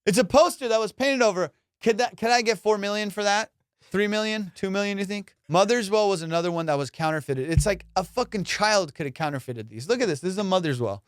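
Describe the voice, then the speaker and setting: A man hosting a comedy podcast, ranting in a casual, profane, animated way and slipping into mock voices. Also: high-pitched, brisk, clear, resonant tone, no room sound, studio quality. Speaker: podcast host.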